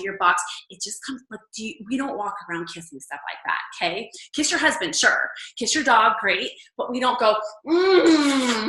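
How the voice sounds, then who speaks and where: A woman leading a casual coaching call for her fitness business team, chatty and animated. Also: medium pitch. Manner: chatty, animated, acts out quoted lines. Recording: echoey room.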